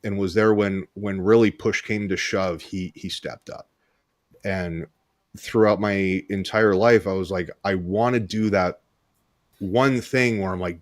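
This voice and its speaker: Role: male hypnotist co-host. Lowish voice, dry close sound, halting storyteller who restarts and repeats words. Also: fairly even intonation, no room sound. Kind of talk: casual storytelling.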